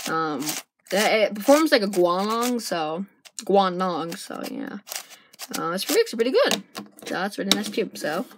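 A woman casually chatting through an unboxing, excitable and rambling as she thinks aloud, recorded on a camera's built-in mic. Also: on the low side. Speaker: vlogger unboxing puzzle cubes. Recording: noisy amateur camera recording.

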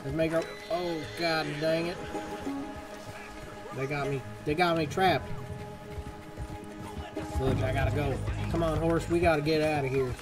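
A man streaming a western game live, chatting casually and swapping swear words for softer ones. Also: a little high, fairly even intonation, a little slow, long pauses. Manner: chatty, swaps swears for "fudge". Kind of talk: live gameplay commentary. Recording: game music behind the voice.

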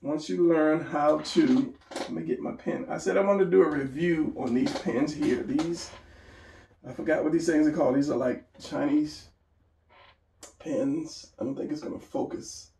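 Gravelly man teaching drawing, echoey room. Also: a little high, steady tone, moderate pace, dark tone, far from the mic, a little hiss or hum. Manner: rambling, talks to himself while sketching. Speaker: drawing instructor. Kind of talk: casual drawing tutorial.

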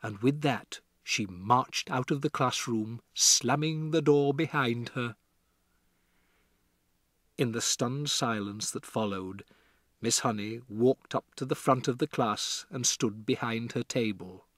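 A man reading a children's novel aloud as an audiobook narrator, with expressive storytelling. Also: mid-range voice, slow pace, dry recording, studio quality. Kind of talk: scripted narration.

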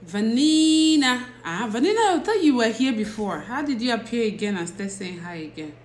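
On a phone or laptop stream, a teacher with a fairly high, expressive voice hosts a casual broadcast from an echoey room. She speaks slowly and chattily, often laughing as she reads viewers' names aloud and welcomes them.

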